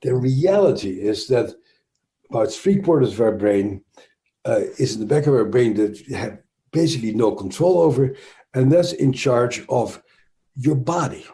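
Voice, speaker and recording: A man's voice: medium pitch, expressive, moderate pace, dark tone. A man with a Dutch accent, a trauma expert speaking as an interview guest, explaining thoughtfully with frequent restarts and fillers.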